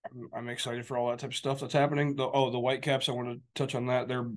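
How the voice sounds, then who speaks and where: A man's voice: medium pitch, little pitch movement, fast. A man co-hosting a podcast, chatting casually in loose, meandering sentences full of fillers. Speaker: podcast co-host. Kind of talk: casual chat.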